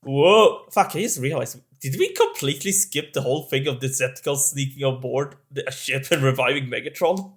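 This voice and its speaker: A man co-hosting a casual film podcast, swearing and restarting his sentences often. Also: mid-range voice. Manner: halting, sweary, many restarts. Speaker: podcast co-host.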